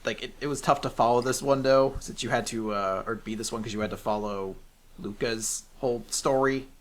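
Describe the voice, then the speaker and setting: A man's voice: medium pitch, fairly even intonation, fairly quick. A man co-hosting a podcast, chatting casually about manga, swearing freely and mocking characters with exaggerated quoted lines. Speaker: podcast co-host. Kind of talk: casual chat recapping manga.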